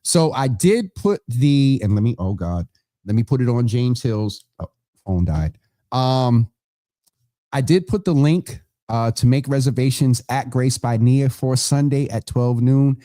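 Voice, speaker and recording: A man's voice: mid-range voice, lively intonation, measured pace, dark tone, no echo, studio quality. A man hosting a live online show, making casual announcements to viewers in a chatty, rambling way, correcting himself as he goes.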